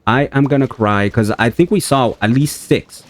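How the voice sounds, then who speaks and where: A man casually commenting on his own survival game as he plays, talking to viewers and yelping in alarm when things go wrong. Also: normal speed. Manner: chatty, talks to viewers, jumps to high-pitched panic when things go wrong. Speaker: let's play gamer.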